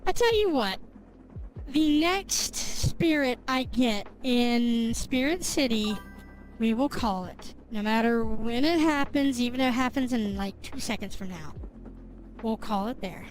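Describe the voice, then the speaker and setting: A woman's voice: a little high, unhurried, soft background music. A woman game streamer chatting with her viewers in a bubbly, rambling way, swearing casually as she goes. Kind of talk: casual live-stream chat.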